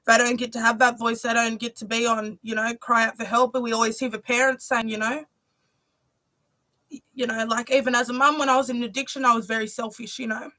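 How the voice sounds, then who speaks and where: A young woman with a somewhat high voice speaks to her viewers on a livestream. Her talk is earnest and heartfelt, and she keeps falling back on "you know". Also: level tone, a little fast, pushed and bright, no room sound. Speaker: musician presenting her music video premiere.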